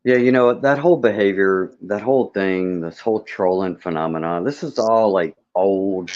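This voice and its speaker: A man's voice: low voice, normal speed, a little mellow. Man, livestream guest, dismissive, sarcastic, swears, muffled lo-fi sound. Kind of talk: casual livestream chat. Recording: dull lo-fi stream audio.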